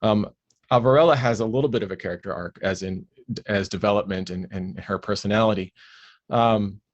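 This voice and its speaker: A man who narrates audiobooks, speaking as a guest in a relaxed interview, explaining his craft at length with fillers and restarts. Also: on the low side, a little fast, muffled recording.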